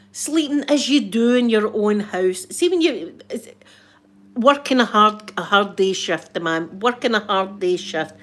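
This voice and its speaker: A woman's voice: medium pitch, lively intonation, slow. A middle-aged Scottish woman hosting a live stream, chatting casually with viewers, laughing often and mimicking other voices. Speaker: ASMR livestream host.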